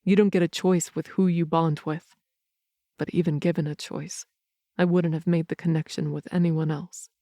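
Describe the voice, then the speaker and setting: A woman voicing a protective, blunt young male werewolf in an audiobook, speaking a little lower and in an earnest, steady way. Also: moderate pace, dry recording, clean studio sound, natural voice. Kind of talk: audiobook character reading.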